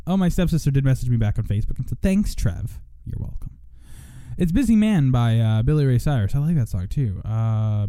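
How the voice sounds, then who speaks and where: A man's voice: mid-range voice, mellow, no echo. A young man hosting a radio show in casual chat, rambling and self-mocking, now and then breaking into joking country singing.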